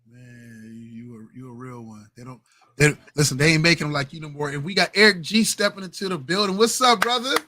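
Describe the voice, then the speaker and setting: A man's voice: a little high, fairly quick, sharp tone, no room sound. A man hosting a casual late-night podcast, laid-back and slangy. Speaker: podcast host. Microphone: home streaming mic, adjusting gain.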